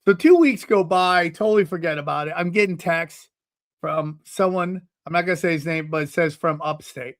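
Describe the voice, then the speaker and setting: A man from upstate New York, a comedian and podcast host, telling a story with lively delivery and deadpan asides. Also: on the high side, moderate pace.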